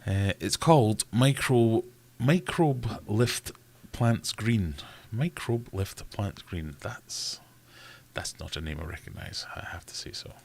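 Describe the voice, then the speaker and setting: Deep-voiced Scottish man chatting live. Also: lively intonation, takes it slowly, vocal fry, darkish tone. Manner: chatty, reads out viewer comments. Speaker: livestream host. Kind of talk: casual live Q&A chat.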